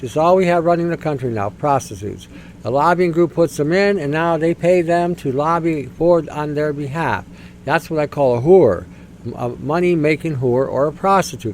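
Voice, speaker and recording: A man rants on his podcast in a blunt, scornful, repetitive way. His voice sits fairly high for a man. Faint noise sits behind it. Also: poor audio. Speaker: podcast host. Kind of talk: opinionated commentary rant.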